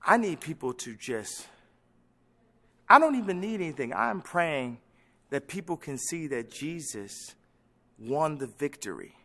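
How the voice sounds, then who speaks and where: A man giving animated, preachy interview answers, swinging from loud, emphatic outbursts to quiet musing. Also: on the high side, in a large hall. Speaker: interview guest.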